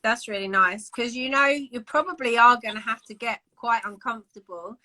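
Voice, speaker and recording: Brief: young woman, podcast co-host, higher voice with a bright edge, frank and foul-mouthed. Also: normal speed, rough recording. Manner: candid, swears freely. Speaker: podcast co-host, bikini bodybuilder. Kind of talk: casual podcast chat.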